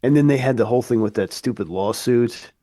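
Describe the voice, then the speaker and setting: A man's voice: mid-range voice, brisk, warm tone, no echo, clean studio sound. A man co-hosting a podcast, laid-back in casual chat and chiming in with short replies. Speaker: podcast co-host.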